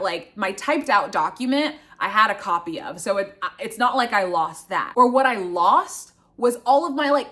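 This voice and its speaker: A young woman in her twenties tells a casual storytime to camera, fairly high-pitched and expressive. She swears freely and jumps into her own panicked inner voice as she talks. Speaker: grad student storyteller.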